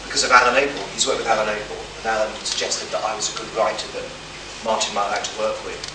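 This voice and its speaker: A man's voice: lowish voice, fairly even intonation, quick pace. An English man with a stammer, telling self-deprecating, humorous anecdotes as a guest writer on a convention panel, often restarting his sentences. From England. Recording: echoey room from far off, noisy.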